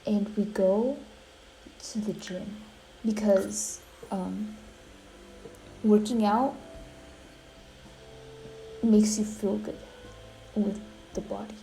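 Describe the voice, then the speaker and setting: A woman giving dramatic gameplay commentary, gushing and melodramatic, often dropping to hushed asides. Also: medium pitch, fairly even intonation, extremely slow, vocal fry, long pauses, faint music behind, rough recording. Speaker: gaming YouTuber.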